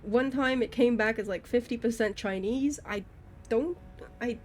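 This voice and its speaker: A woman's voice: a little high, unhurried, a little mellow, a little hiss or hum. A young woman with an English accent, streaming live and chatting casually, full of "like" and restarts. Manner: chatty, many fillers and restarts, frequent laughs.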